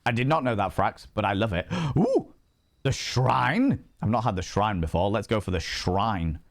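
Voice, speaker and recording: A man's voice: fairly low pitch, lively intonation, moderate pace. A man chatting casually and playfully with his viewers while streaming a game, swearing freely. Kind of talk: casual live-stream chat while gaming.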